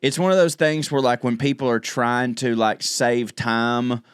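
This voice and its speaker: Smooth-voiced Southern man riffing casually. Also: medium pitch, fairly even intonation, dry recording, studio quality. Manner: rambling, quick asides and restarts. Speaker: podcast co-host. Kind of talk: casual comedic chat.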